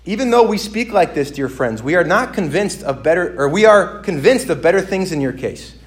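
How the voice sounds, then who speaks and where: High-voiced man preaching with fervor. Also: expressive, a little fast. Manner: swings from hushed to loud emphatic preaching. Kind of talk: sermon.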